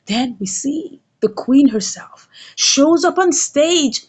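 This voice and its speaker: A woman casually recapping a comedy series episode, storytelling in an animated way. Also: high-pitched, measured pace. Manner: animated storytelling, acts out dialogue. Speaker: series reviewer.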